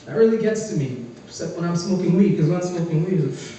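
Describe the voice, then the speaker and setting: High-voiced man doing brash stand-up. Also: expressive, quick pace, recorded from a distance, background noise. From Caribbean. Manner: brash, profane, acts out voices mid-joke. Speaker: stand-up comedian. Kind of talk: stand-up comedy set. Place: small comedy club with live audience. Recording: echoey room, mic heard from afar.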